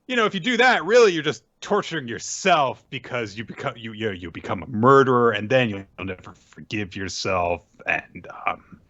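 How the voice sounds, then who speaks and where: A man voicing a scheming, slimy male villain ruler in a high, wheedling put-on voice. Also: very animated, normal speed, few pauses, fairly bright tone. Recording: dull lo-fi podcast audio.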